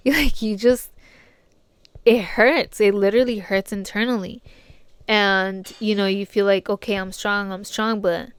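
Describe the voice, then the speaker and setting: A woman's voice: mid-range voice, clean tone, no echo. A young woman hosting her podcast, talking casually and from the heart to her listeners in a slangy way that is full of swearing. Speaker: podcast host.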